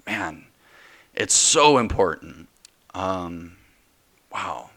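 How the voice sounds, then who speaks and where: A man's voice: low voice, big pitch swings, extremely slow, fairly bright tone. A man in his twenties hosting a solo faith podcast, talking passionately and preachily, with many restarts. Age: 20s. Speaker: podcast host.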